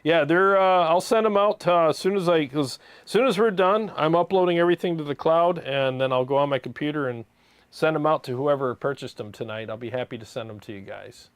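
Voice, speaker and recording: A relaxed man hosts a casual livestream about guitar gear, talking loosely with plenty of laughs. He keeps saying "man" as he goes. The sound is dry and close, with no room echo at all. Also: fairly high pitch, brisk, clean tone. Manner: laid-back, laughs often, says "man" a lot.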